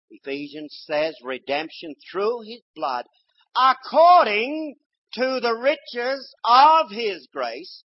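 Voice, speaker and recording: An older man preacher delivering a sermon, swinging from loud exhortation to quiet, low storytelling. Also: breathy edge. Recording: dull lo-fi sermon recording.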